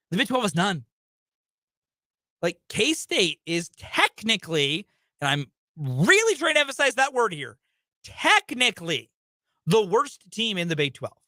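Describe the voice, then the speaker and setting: Animated, bright-voiced sports radio man. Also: on the high side, no room sound, studio quality. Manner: animated, ranting, emphatic. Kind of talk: sports talk radio monologue.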